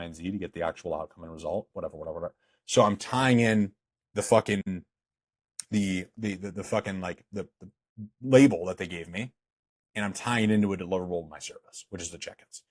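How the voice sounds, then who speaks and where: Young man, low voice, husky, blunt, swears a lot, course lecture, dry close sound. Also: fast, darkish tone, dry recording. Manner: blunt, profane, emphatic. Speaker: fitness business coach.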